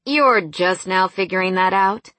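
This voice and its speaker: A woman's voice: medium pitch, a little slow, fairly bright tone, dry recording, natural voice. A woman reading the part of a confident young man working as a masseur, coaxing and teasing.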